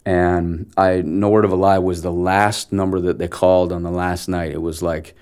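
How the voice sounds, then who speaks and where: A man in his forties from Canada, a guest telling an animated story of his start as an actor and acting out the dialogue as he goes. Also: low voice, normal speed, hardly any pauses, clean tone. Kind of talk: casual storytelling interview.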